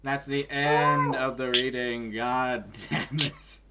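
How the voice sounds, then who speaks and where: A host chatting casually over a call, animated and laughing, with crude asides. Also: mid-range voice, takes it slowly, crowd noise.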